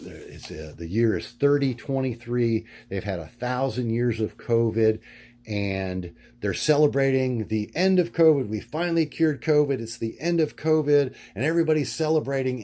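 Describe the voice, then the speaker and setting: Middle-aged man vlogging from notes, halting, lots of ums, repeats himself. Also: medium pitch, a little mellow. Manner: halting, many fillers and restarts; repetitive, searching for words. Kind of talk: rambling monologue from notes.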